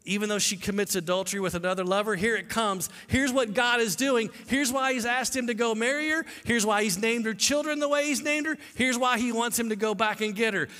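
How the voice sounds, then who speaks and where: Guy preaching, high bright voice, acts out the story, big echoey hall. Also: normal speed, hardly any pauses. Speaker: pastor. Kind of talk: sermon. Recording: long hall reverb.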